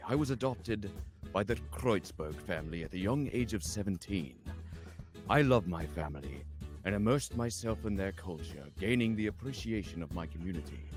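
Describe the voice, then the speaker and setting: A man doing a deep-voiced folksy cowboy. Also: darkish tone, close to an everyday voice. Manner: folksy drawl, rambling backstory.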